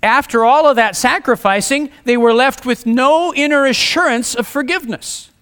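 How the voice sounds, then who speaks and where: A man delivering a sermon in an earnest, direct way. His voice sits fairly high. He mixes scripture readings with plain-spoken asides to the congregation. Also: normal speed, fairly bright tone, clear, resonant tone. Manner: earnest, preaching with rising emphasis and repetition; reads scripture aloud, conversational asides. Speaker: preacher.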